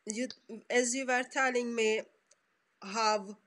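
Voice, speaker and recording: A woman's voice: fairly high pitch, fairly even intonation, slow pace, fairly bright tone. A woman interviewing a guest and speaking in an emphatic, preacher-like way.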